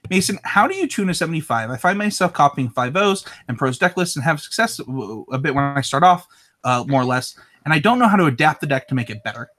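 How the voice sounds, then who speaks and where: A man's voice: on the high side, very animated, fast talker, fairly bright tone. A man hosting a live podcast, winded and nervous, reading sponsor spots with lots of fillers. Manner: nervous, filler-heavy, laughing. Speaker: podcast host.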